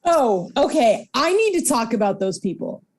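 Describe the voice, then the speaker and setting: Young woman, co-host, casual chat, laughs often, slightly high voice. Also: big pitch swings, moderate pace, darkish tone. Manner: chatty, laughs often, acts out quotes. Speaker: podcast co-host.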